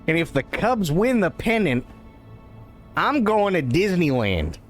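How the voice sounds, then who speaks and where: A man's voice: high voice, sing-song, slow pace, soft background music. A man streaming a role-play game, rambling through jokes with frequent laughter and casual swearing.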